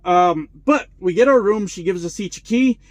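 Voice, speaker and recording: A man of about forty, a truck driver vlogger, telling a story in casual, profane, animated style. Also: sits high, moderate pace, no room sound.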